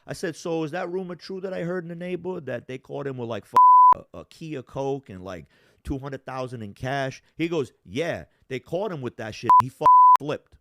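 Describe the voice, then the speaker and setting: Profane animated man telling a story. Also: medium pitch, normal speed. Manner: profane, animated, acts out quoted voices. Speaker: storyteller guest. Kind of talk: casual storytelling on a podcast.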